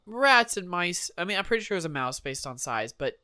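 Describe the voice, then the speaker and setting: A man in his thirties co-hosting a casual podcast, telling a story in an unhurried way and laughing easily. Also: high voice, very animated, sharp tone, clean tone, dry recording. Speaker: podcast co-host. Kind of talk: casual chat.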